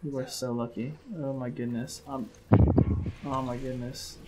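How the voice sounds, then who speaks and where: A man giving live commentary over his own gameplay, excitable, swearing and shouting at the game. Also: mid-range voice, measured pace, very noisy. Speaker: gaming commentator.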